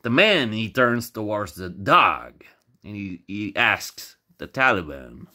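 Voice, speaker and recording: A man telling a funny tale in a slow, rambling way, cursing freely and stumbling over repeated words. His low, bright voice swings up and down with feeling. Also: sing-song. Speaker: storyteller. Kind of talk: casual comic storytelling.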